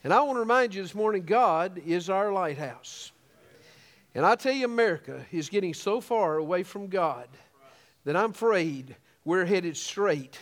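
A man's voice: sits high, lively intonation, moderate pace, big-room sound. A man preaching a sermon as pastor of a small church, earnest, with frequent restarts.

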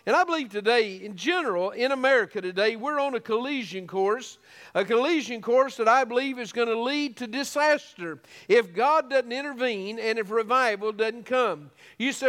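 A man's voice: very high voice, normal speed, fairly bright tone, big-room sound. A man preaching a sermon as pastor of a small church, earnest, with frequent restarts.

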